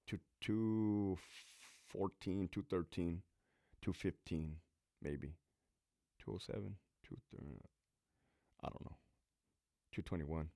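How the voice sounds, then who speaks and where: A man's voice: sits low, steady tone, slow pace, creaky, pauses often, warm tone, dry recording, clean studio sound. Fields: Sex: man. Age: 30s. Origin: from Southern California. Role: podcast host and former prison lieutenant. Style: casual Q&A storytelling, blunt and heavily profane.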